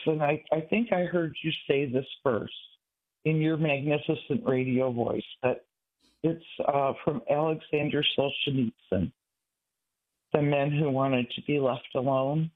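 A man in his sixties from Michigan, calling in to a radio show, talking in an earnest, halting, rambling way. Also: on the high side. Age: 60s. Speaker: caller. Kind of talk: call-in radio talk. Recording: tinny phone line.

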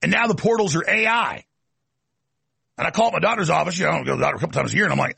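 A man's voice: on the high side, racing, gravelly, pushed and bright, breathy edge, no room sound. A middle-aged male talk show host delivering a ranting, emphatic political monologue.

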